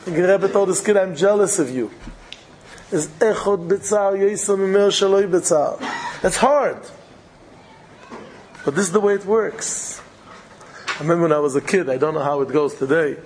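A man's voice: high-pitched, moderate pace, long pauses, a little mellow, slight background noise, low-quality recording. A man delivering an impassioned storytelling sermon, repeating phrases for dramatic weight. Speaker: preacher.

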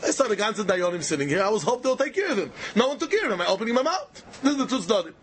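A man giving an animated Talmud lecture in Yiddish-inflected English, with a sing-song study chant and many rhetorical questions. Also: sits high, racing, slight background noise. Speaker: Talmud teacher.

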